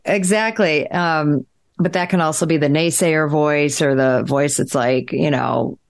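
A woman's voice: low voice, measured pace, vocal fry. A woman in a podcast conversation, telling a long story in a rambling way, full of fillers and restarts.

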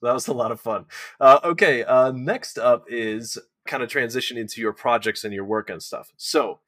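A man's voice: medium pitch, moderate pace, a bit bright, dry recording, studio quality. A man hosting a casual interview, enthusiastic and encouraging toward his guest. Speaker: interview host.

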